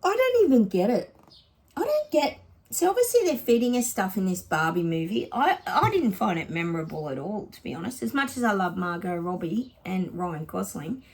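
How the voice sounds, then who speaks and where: A woman's voice: medium pitch, sing-song, normal speed, darkish tone, breathy edge. An Australian woman psychic chatting casually to her viewers in a rambling vlog reading.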